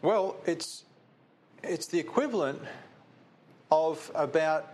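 A man's voice: fairly high pitch, takes it slowly, darkish tone. A man preaching a conversational sermon that keeps putting questions to his listeners.

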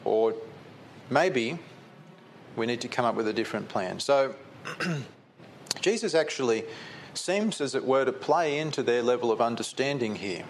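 A man's voice: mid-range voice, animated, moderate pace, long pauses, slight background noise. A man preaching a conversational sermon that keeps putting questions to his listeners.

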